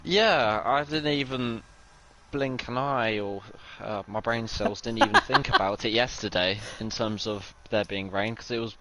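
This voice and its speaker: Man, co-commentator on a racing stream, lowish voice, loose and chuckling delivery. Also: fairly even intonation, moderate pace, very noisy. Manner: casual, laughs often, loose and rambling. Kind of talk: live sim racing commentary.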